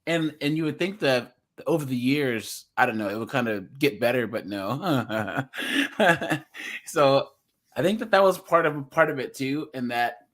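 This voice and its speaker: A man's voice: medium pitch, lively intonation, a little slow, a bit bright. A man with a Californian accent hosting a casual podcast chat, rambling with fillers and chuckles. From US West Coast. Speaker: podcast host.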